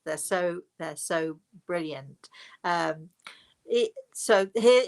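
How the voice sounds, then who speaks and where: A woman's voice: on the low side, animated, very slow, vocal fry, clean tone. An older woman, hosting a live question-and-answer talk in a chatty, digressive way that trails into asides. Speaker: host, spiritual medium.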